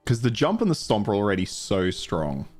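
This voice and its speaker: A chatty man with a mild Australian accent, streaming a game and thinking aloud as he plays. His voice is low but swings widely, and he laughs easily. Faint game music plays behind him. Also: huge pitch swings, normal speed, a little mellow. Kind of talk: casual live-stream commentary.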